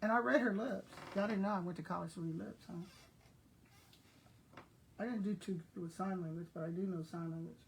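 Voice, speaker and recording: A woman's voice: on the low side, fairly quick, creaky, long pauses, a little hiss or hum. An older woman from South Texas, a retired school principal, chatting casually and telling everyday stories straight to her viewers. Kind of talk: casual chat.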